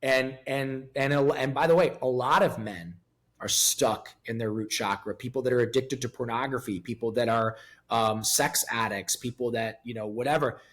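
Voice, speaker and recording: A man's voice: mid-range voice, normal speed, fairly bright tone. A man in his fifties speaking as a guest in a candid interview, blunt, profane and emotionally raw. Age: 50s. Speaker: podcast guest.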